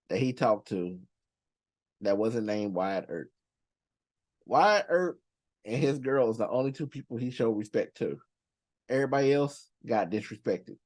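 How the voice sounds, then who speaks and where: A man's voice: mid-range voice, a little mellow. A man hosting a movie reaction channel, counting down characters in casual, profane slang and laughing often.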